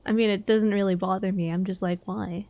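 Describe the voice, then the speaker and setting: A woman's voice: mid-range voice, fairly even intonation, brisk, a little mellow, dry recording. A young woman streaming a game live, chatting casually, laughing often and answering her chat.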